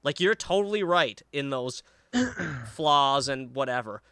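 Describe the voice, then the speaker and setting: A man co-hosting a podcast in casual chat, excitable and profane, often acting out quotes. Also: mid-range voice, unhurried, clear, resonant tone, no echo, studio quality. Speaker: podcast co-host.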